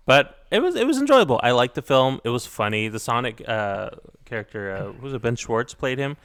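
Smooth-voiced, thoughtful man. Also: mid-range voice, very animated, a little fast, fairly bright tone. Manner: thoughtful, hesitant, many restarts. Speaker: podcast co-host. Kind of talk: casual movie review chat.

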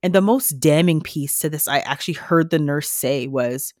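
A woman nurse on a podcast, telling a story in a lively way and acting out the lines of the people in it. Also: sits low, moderate pace, hardly any pauses, dry recording, studio quality. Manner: animated storytelling, acting out quoted dialogue. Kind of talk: casual podcast conversation.

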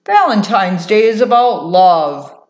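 A woman voicing a gentle, shy male mole in a children's story, speaking in a slow, calm, fond way. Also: mid-range voice, dull audio. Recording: roomy echo.

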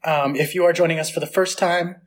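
A man hosting a casual podcast chat, chatty and laughing often, with a slight vocal fry. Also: on the high side, fairly even intonation, fairly quick. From United States. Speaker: podcast host.

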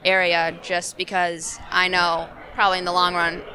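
A woman's voice: lowish voice, completely flat delivery, normal speed, bright, forceful tone, slight background noise. A young woman in her twenties from Chicago, a guest in a casual interview, talking bluntly and confidently. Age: 20s.

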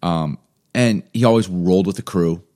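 A man from Chicago, a podcast co-host, telling a story in casual chat, animated and self-mocking, laughing often. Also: deep voice, normal speed.

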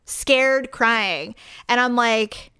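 Woman, higher voice, dry room; indignant animated storyteller in casual chat. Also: very slow, clear, resonant tone, no echo.

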